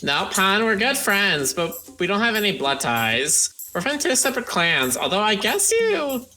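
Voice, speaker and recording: A woman's voice: mid-range voice, very animated, moderate pace, sharp tone, faint music behind, rough recording. A woman voicing a friendly, motherly female pharmacist who calls others darling and hon, reading game dialogue aloud on a live stream. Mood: warm, chatty.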